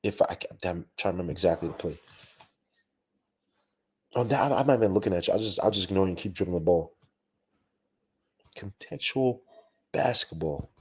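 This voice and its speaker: A young man hosting a live post-game basketball podcast, talking in an animated, slangy, ranting way with lots of asides. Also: low voice, rapid-fire, long pauses, slightly rough. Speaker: podcast host.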